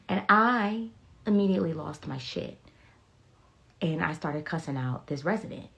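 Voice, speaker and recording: A woman's voice: low voice, animated, measured pace, creaky. A woman chatting casually on a phone livestream, telling stories candidly and bluntly with profanity and reading viewer comments aloud. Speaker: beauty vlogger sharing health updates.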